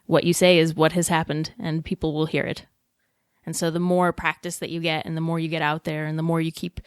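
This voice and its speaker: Lower-voiced bubbly radio host woman. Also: level tone, clean tone, dry recording, studio quality. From Arizona. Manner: bubbly storytelling, quick laughs. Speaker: guest, morning radio host and comedian. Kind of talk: casual interview chat.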